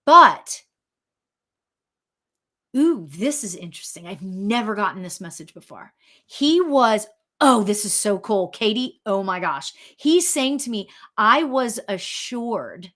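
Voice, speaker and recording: A woman working as a medium, giving a chatty, excitable spirit reading full of fillers and restarts. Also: mid-range voice, a little slow. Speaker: psychic medium. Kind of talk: live spirit reading for viewers.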